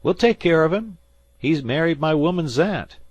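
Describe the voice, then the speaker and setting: A man voicing a folksy fisherman who drawls loudly across the water. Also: fairly high pitch, expressive, moderate pace, dry recording, voice pushed up. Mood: drawling. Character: loud drawling male fisherman hailing another boat.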